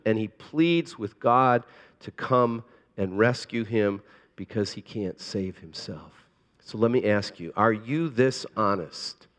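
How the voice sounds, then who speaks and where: Earnest male preacher with long hall reverb. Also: medium pitch. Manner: earnest, pleading, swings between hushed and emphatic. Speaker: pastor. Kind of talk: sermon.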